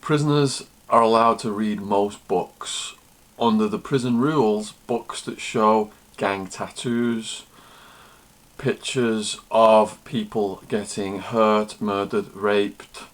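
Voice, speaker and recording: A man with a fairly low voice talks straight to the camera as a vlogger and former prisoner. He tells stories in a plain, matter-of-fact, conversational way. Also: fairly even intonation, slow, fairly bright tone. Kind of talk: storytelling to camera.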